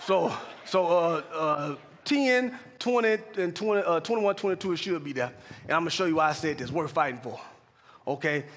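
Shouting preacher with a bright, husky voice. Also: male voice, a little high, lively intonation, moderate pace. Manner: call-and-response preaching, building to shouted climaxes. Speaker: pastor and chaplain. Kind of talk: sermon. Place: large church hall. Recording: long hall reverb.

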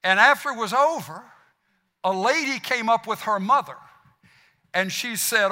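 A man with a Southern US accent preaching a sermon as pastor, animated and fired up, stumbling over restarts as he goes. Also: high voice, brisk. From South Mississippi. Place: church sanctuary. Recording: long hall reverb.

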